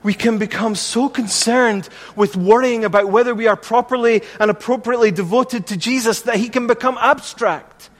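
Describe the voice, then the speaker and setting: A man's voice: very high-pitched, moderate pace, big-room sound. A man preaching a sermon as pastor, earnest and repetitive, asking the congregation rhetorical questions.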